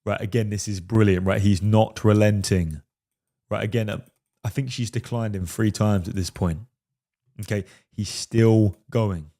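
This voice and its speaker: A male dating coach commenting on a film clip in a low, mellow voice. He talks emphatically, hammering each point home and checking in with "right?" again and again. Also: fairly even intonation, measured pace. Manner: emphatic, keeps asking "right?".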